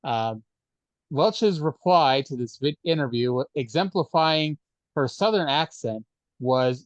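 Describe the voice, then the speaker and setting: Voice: mid-range voice, animated, moderate pace, no echo, lo-fi sound. A podcast co-host in casual chat, speaking dryly and hesitantly with many fillers. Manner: dry, hesitant, lots of fillers.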